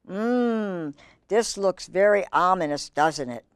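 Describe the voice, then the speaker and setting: A woman's voice: mid-range voice, slow pace, smooth, dry recording, studio quality. A woman reading a picture book aloud to children, exclaiming and chatting about the pictures. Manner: animated, exclaiming, chatty asides to kids. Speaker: children's storytime reader.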